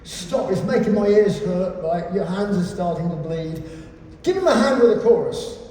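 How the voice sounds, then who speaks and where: Curt, sweary guitarist, impatient and lively as a man acts him out, heard from afar in a booming hall. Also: moderate pace, slight background noise. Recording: echoey hall from far off.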